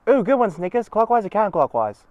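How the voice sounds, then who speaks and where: A man's voice: high voice, lively intonation, brisk, muffled recording. A man voicing a cheerful, bossy young girl puppy who organizes the group in an upbeat way.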